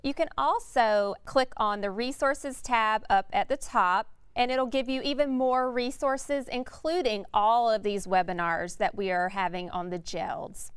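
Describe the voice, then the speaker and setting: A woman hosting an educational webinar, speaking in a measured, scripted way. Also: a little high, clean tone, no echo. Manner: measured, reads from a script with fillers. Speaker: webinar host.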